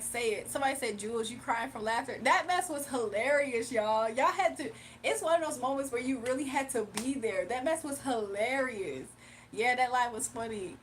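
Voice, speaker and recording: A young woman talks to her livestream chat in a casual, animated way, breaking into laughter often. Her voice sits high, and a faint hum of noise runs under the phone or webcam recording. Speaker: livestream host.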